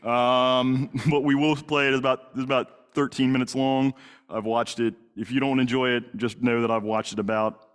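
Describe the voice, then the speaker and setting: A man's voice: medium pitch, level tone, normal speed, smooth. A middle-aged man, a police detective, telling a story in a lecture, plain-spoken, with many fillers and restarts. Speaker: police detective and crisis negotiator. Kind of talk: lecture to a congregation audience.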